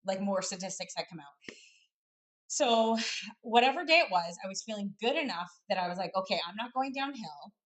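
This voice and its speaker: A woman co-hosting a podcast, telling a story in a casual, animated way and quoting herself. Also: mid-range voice, moderate pace. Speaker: podcast co-host.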